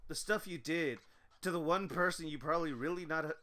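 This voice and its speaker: A man's voice: a little high, brisk, sharp tone. A man playing in a tabletop game stream, teasing the others and laughing often. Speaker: player. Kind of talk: casual stream chat.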